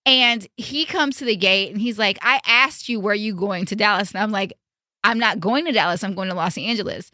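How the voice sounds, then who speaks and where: A young woman hosting a podcast, telling a story in a casual, animated and emphatic way, with some swearing. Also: fairly high pitch, dry recording, clean studio sound. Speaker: podcast host.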